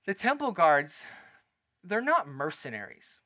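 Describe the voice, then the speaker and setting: A man preaching a sermon as a pastor, speaking in a conversational, animated way and acting out the quotes he tells. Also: fairly high pitch, moderate pace, no echo.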